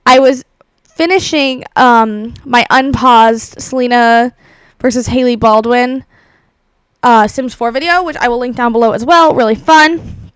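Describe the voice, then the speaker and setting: A woman's voice: fairly high pitch, measured pace, clear, resonant tone, dry recording. A young woman doing chatty, rambling commentary over a game house tour, bubbly and dramatic, full of fillers. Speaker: Sims builder and YouTuber.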